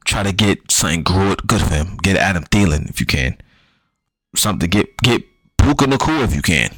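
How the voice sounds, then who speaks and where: A man's voice: sits low, expressive, moderate pace, a bit bright, no room sound, poor audio. A man talking loosely and casually through fantasy football advice, slangy and repetitive, with frequent ums and the odd curse.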